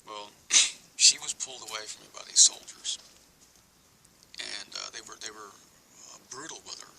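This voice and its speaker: A man telling a personal recollection in a halting, hesitant way, often sinking into a whisper. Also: fairly low pitch, gravelly, pushed and bright, slight background noise, rough recording. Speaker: storyteller recounting an alleged encounter.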